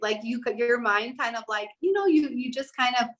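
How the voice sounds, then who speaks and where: A woman's voice: fairly high pitch, brisk, hardly any pauses, a bit bright. A young woman telling her personal story in a casual podcast conversation, earnest and rambling, with many "like" fillers. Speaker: guest sharing her story.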